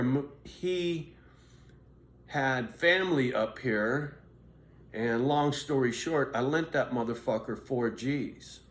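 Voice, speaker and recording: A middle-aged man bluntly telling his own story in a profane, street-tough way. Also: mid-range voice. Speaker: vlogger. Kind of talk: candid personal monologue. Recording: roomy echo, faint background noise.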